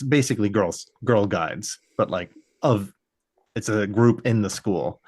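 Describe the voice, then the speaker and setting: A man's voice: medium pitch, slow, darkish tone, no echo. Man, podcast co-host, casual chat, rambling, dry close sound. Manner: rambling, full of fillers and restarts.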